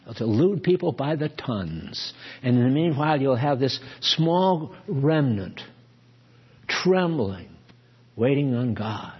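A man preaching a sermon, emphatic, moving between hushed warnings and forceful exhortation. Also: mid-range voice, animated, takes it slowly, husky. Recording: dull lo-fi recording.

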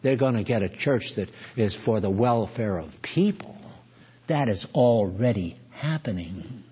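A man preaching a sermon, emphatic, moving between hushed warnings and forceful exhortation. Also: lowish voice, animated, measured pace, slightly rough. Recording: dull lo-fi recording.

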